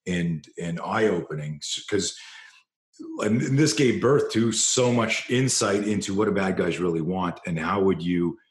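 A deep-voiced man speaks as a self-defense coach, passionate and blunt, swearing and circling back over his words. The recording has a noticeable room echo. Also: a little slow. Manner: passionate, profane, repeats himself at restarts. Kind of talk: storytelling interview guest.

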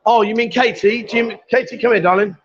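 A man's voice: high-pitched, fairly even intonation, fast. A man hosting a casual livestream from a busy bar, chatty and teasing, calling everyone darling. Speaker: livestream host. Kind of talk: casual live bar banter. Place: busy bar with pool table. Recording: dull lo-fi livestream audio. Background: bar crowd chatter.

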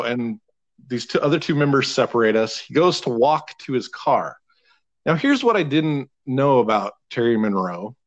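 A man in his thirties telling a long, animated, profane story in casual podcast chat, laughing now and then. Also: medium pitch, poor audio.

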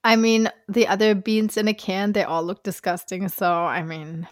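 A woman's voice: medium pitch, flat delivery, moderate pace, no room sound, clean studio sound. A woman hosting a casual podcast interview, asking questions and reacting with short interjections. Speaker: podcast host.

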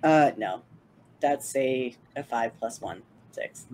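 An eager player in a tabletop role-playing game who talks slowly and casually, dropping swear words. The voice sits at a middle pitch. Faint noise hums underneath. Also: lively intonation, darkish tone, low-quality recording.

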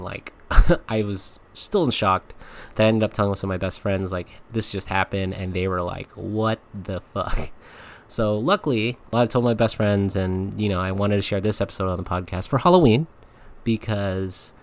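Low-voiced man telling a comic story. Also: normal speed. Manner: animated, laughs often, frank and comic. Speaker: podcast host. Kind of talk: casual storytelling monologue.

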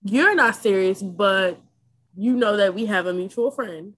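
A woman's voice: medium pitch, a little slow, a bit bright, no echo. A woman in casual chat, frank and joking in her banter.

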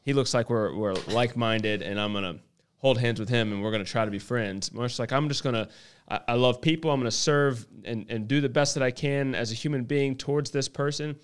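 A man's voice: mid-range voice, fairly quick, smooth. A man with a mid-range voice talks casually. He works through his ideas aloud, circling back and restarting as he goes. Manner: thinks aloud, with many restarts. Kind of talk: casual conversation.

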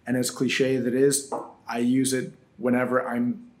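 A man's voice: mid-range voice, completely flat delivery, moderate pace, a little mellow. A man guest on a podcast, answering earnestly and reflectively and repeating words as he works out his thoughts. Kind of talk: casual interview answers.

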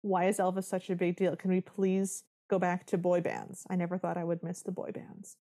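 A woman's voice: lowish voice, flat delivery, moderate pace, warm tone. A woman co-hosting a podcast, recapping a film in casual chat with wry, dramatic storytelling. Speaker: podcast co-host.

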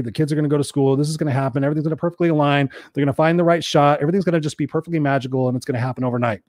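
A man's voice: medium pitch, a little mellow, no echo, studio quality. A man in his forties giving a fiery, profane motivational talk as a livestream host.

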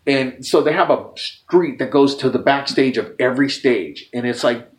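A middle-aged man, a musician guest, telling casual anecdotes in a lively way and acting out what people said. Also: mid-range voice, normal speed. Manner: lively storyteller who acts out quoted lines.

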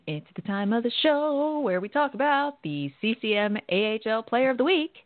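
A woman's voice: fairly high pitch, expressive, normal speed, hardly any pauses, dry recording. A woman co-hosting a hockey radio show, reading a sponsor spot and giving league news with dry, sardonic asides. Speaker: podcast co-host. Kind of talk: hockey radio talk and scripted sponsor read. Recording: tinny phone-line sound, dry.

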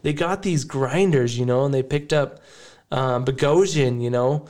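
A man's voice: mid-range voice, measured pace, darkish tone. A man hosting a hockey podcast, talking in a casual, rambling and emotional way, often laughing. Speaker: podcast host. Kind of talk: casual chat.

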